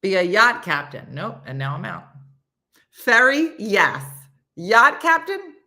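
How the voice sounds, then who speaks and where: A woman hosting a casual live chat and reading viewer comments, playful and animated, slipping into silly high voices and hushed whispers. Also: slow pace. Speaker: host.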